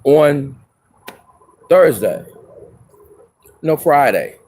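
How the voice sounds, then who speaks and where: Impassioned man with a lively pitch. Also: slight background noise. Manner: impassioned, rising into loud outbursts; halting, with many restarts and fillers. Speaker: self-represented litigant. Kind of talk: impassioned spoken statement.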